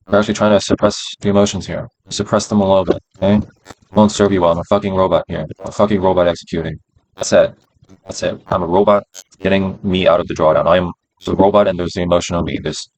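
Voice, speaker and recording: A man's voice: low voice, steady tone, fast talker, a little mellow, rough recording. A man streaming his day trades, talking himself through them in a casual, profane way and repeating phrases as he goes. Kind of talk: casual live-stream self-talk.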